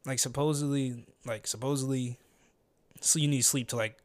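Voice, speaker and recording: A man's voice: mid-range voice, fairly even intonation, moderate pace. Young male host, casual slangy podcast talk, rambling. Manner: loose slangy rambling, trails off often. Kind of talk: casual chat.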